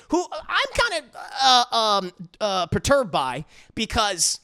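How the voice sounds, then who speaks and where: A man reviewing an anime episode in casual recap style, animated and profane, with lots of fillers. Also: high-pitched, moderate pace.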